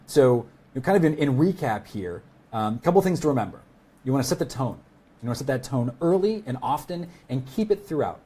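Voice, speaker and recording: Mellow, husky man teaching sales. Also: medium pitch. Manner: conversational, many fillers and restarts. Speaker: sales expert guest. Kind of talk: casual webinar teaching.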